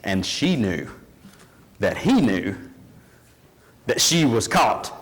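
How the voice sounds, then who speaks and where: A man preaching a sermon in a church, telling a story in an animated, emphatic way. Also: fairly low pitch, takes it slowly, pauses often, big-room sound, rough recording.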